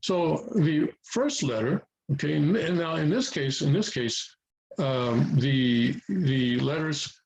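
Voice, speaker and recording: A native English-speaking man giving a language lesson, repeating himself often and pausing with fillers as he explains. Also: a little high, expressive, vocal fry, darkish tone, slight background noise, rough recording. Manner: repeats words, many fillers and restarts. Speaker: language teacher. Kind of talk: explaining at a whiteboard-style lesson.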